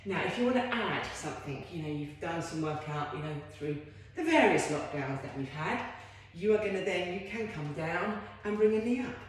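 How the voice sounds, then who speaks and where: A fitness instructor leads a home workout in a very echoey room, her voice low-ish and expressive at a normal speed with hardly any pauses. She's chatty and encouraging, tossing in self-deprecating asides.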